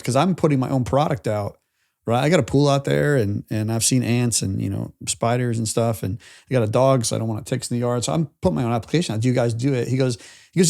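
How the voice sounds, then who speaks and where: This man talks fast in a gravelly, darkish, mid-range voice. He co-hosts a business podcast and lives in Tennessee, spinning rambling, casual stories and performing the exchanges he quotes.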